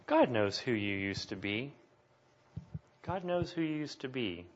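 A man's voice: mid-range voice, expressive, a little slow, slightly rough. A man preaching a sermon as pastor, earnest and building to emphatic declarations. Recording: dull lo-fi sound.

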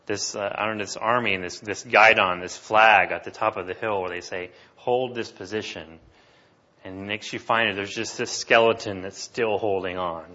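A man preaching a sermon, explaining scripture in an animated way and asking his listeners questions. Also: lowish voice, dull audio. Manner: animated, asks the congregation questions.

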